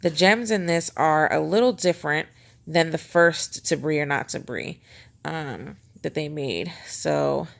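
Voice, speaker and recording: This woman's voice sits low and creaky, and she takes her time. A planner vlogger, she chats and rambles about her pen collection at home in a self-deprecating show-and-tell.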